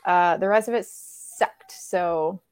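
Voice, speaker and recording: A woman's voice: fairly low pitch, slow pace, a little mellow, dry recording. A woman co-hosting a casual podcast, giving a movie a blunt score with crude jokes. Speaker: podcast co-host.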